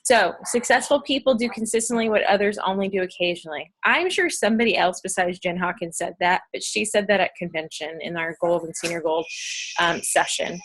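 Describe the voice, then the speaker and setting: A woman's voice: lowish voice, a little fast, a bit bright. A woman from Pennsylvania hosting a casual goal-setting video call, bubbly and chatty with many fillers.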